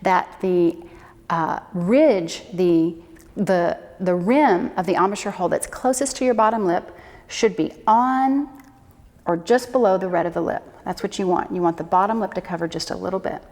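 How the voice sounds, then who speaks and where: A woman's voice: fairly low pitch, moderate pace, a little mellow. A woman flute instructor giving an encouraging, demonstrative lesson for beginners. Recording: echo with long reverb.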